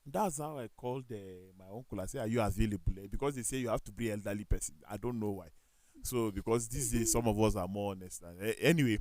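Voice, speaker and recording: A man with a Nigerian accent, speaking as a talk show panelist. He tells animated stories, acts out the dialogue, and corrects himself as he goes. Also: lowish voice, fast, no echo. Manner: animated storytelling with quoted dialogue and self-corrections. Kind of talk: casual studio discussion.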